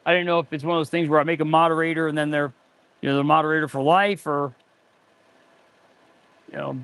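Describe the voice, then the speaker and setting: A man's voice: a little high, fairly even intonation, fast, pauses often, fairly bright tone, no room sound. A man in his forties, an auto mechanic hosting a casual livestream, rambling and answering viewer chat as he goes. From United States.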